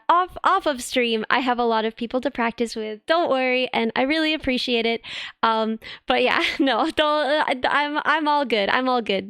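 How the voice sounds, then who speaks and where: Young woman streamer, chatty and giggly, fairly high, smooth tone, dry close mic. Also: a bit bright, no room sound. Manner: giggly, chatty, rambling with filler words. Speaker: VTuber streamer. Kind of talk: casual live-stream chat.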